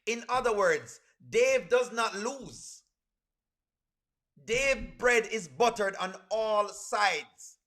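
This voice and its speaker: Speaking extremely slowly, a man reacts to a video for the people in his stream chat. His high voice comes across bright and forceful, and he animatedly repeats the same exclamations time after time.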